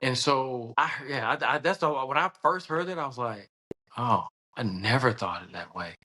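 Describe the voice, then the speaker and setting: Bright-voiced Southern man telling lively stories. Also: medium pitch, moderate pace. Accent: Southern American. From American South. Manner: animated, laughing often, acting out voices in anecdotes. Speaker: podcast guest, surgeon and state senator. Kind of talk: casual storytelling conversation.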